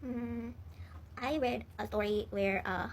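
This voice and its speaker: A woman's voice: fairly high pitch, takes it slowly, creaky. A young woman rambling casually as she retells a story, with lots of fillers, swearing and laughter. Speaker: vlogger.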